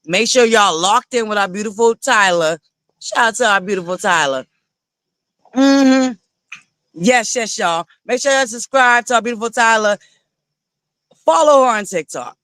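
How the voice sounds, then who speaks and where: High, bright-voiced sassy man. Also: normal speed, long pauses, smooth, dry recording. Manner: animated, sassy, swearing often, given to laughing and digressing. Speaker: livestream host reviewing reality TV. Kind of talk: casual livestream commentary.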